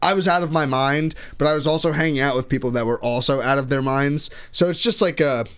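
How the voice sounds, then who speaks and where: A man's voice: a little high, a little fast, a bit bright, smooth. A man in his twenties telling rambling, profane stories in casual chat, full of restarts. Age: 20s.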